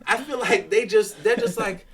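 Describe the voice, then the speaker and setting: A man with a Haitian family background, chatting casually as a guest and telling stories with lively acted-out dialogue. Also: moderate pace, over a noisy crowd. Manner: animated storyteller, acts out exchanges with lively shifts in pitch. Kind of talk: casual chat.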